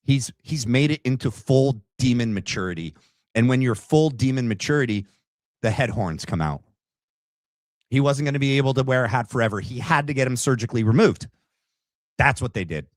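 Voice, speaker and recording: A man's voice: medium pitch, animated, fairly quick, dry recording, clean studio sound. A man hosting a casual reaction commentary show, talking in a sarcastic, rambling, mocking way.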